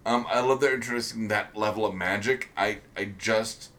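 A man's voice: lowish voice, fairly even intonation, normal speed, a bit bright. A man co-hosting a casual podcast chat, rambling with many ums and restarts. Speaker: podcast co-host.

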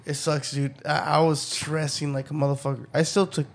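A man's voice: a little high, level tone, a little fast, creaky. A young man in casual, profane chat, rambling through a story and acting out both sides of the talk.

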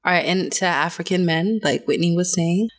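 Woman panelist, lower pitch, blunt short takes. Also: normal speed. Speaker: podcast panelist. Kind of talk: casual group debate.

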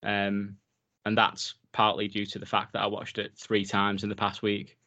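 Low-voiced man, rambling podcast chat. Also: completely flat delivery, normal speed, sharp tone, dull audio. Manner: enthusiastic, rambling with many fillers. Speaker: podcast co-host. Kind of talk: casual film podcast chat.

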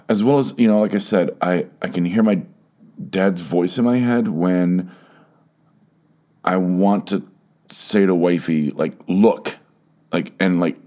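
A man hosting a personal solo podcast, talking in a halting way with many restarts and repeated words, emotional and close to tears. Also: low-pitched, a little mellow. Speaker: podcast host.

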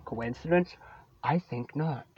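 A man's voice: mid-range voice, slow, darkish tone, husky, lo-fi sound. A man hosting his own podcast, venting about a coworker in a profane, sarcastic solo rant. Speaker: podcast host.

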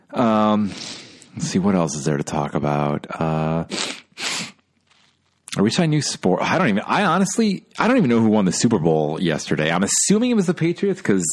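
Deep-voiced weary podcast guy ranting. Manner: rambling, weary and profane, sighing complaints. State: tired. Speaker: podcast host. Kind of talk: casual solo podcast rant.

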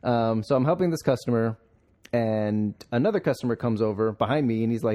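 Hosting a podcast, a young man tells a rambling story full of swearing and laughter. His mid-range voice is warm and a little fast in this casual chat.

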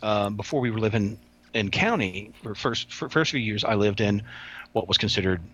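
A man's voice: fairly low pitch, lively intonation, moderate pace, a bit bright. A man who used to work as a prison officer, telling stories in a rambling, folksy way with many restarts and some slang. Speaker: former prison officer, guest. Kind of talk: casual podcast storytelling.

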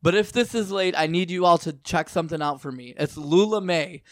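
A man co-hosting a podcast in casual chat, joking and swearing, often dropping into soft-spoken asides. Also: fairly high pitch, a little fast, no room sound, clean studio sound. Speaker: podcast co-host.

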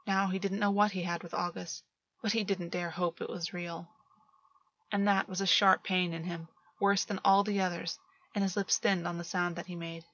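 Female audiobook narrator, measured delivery, dry lo-fi home recording. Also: lowish voice, level tone, a bit bright, no echo. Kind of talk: audiobook reading of fan fiction. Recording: dull lo-fi, dry.

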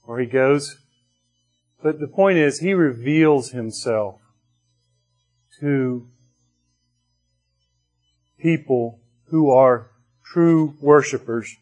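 A man's voice: mid-range voice, drawn-out words, long pauses, darkish tone, soft background music. A man preaching a sermon to his congregation in a conversational way, with restarts and bursts of rising emphasis. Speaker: pastor.

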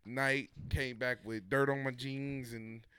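A young man spinning a story for friends in easy chat, his voice smooth and clear. He gets animated and slips into the voices of the people in the tale. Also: medium pitch, slow pace. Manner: animated, laughing, acting out quotes.

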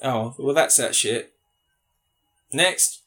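A man in casual podcast banter, crude and quick with a joke, swearing freely. His voice sits at an ordinary middle pitch, the talk loose and unscripted. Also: bright, forceful tone, slight background noise. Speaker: podcast co-host.

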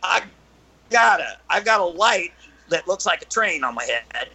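A man guest telling stories in casual chat, halting with many fillers and restarts, and animated when he gets into the story. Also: sits high, slightly rough, low-quality recording.

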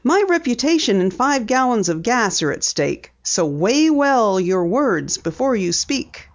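A woman's voice: a little high, big pitch swings, measured pace, pitched above the performer's own voice. A woman reading an audiobook, voicing an eager, persistent teenage girl sleuth who presses with questions. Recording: dull lo-fi audiobook recording.

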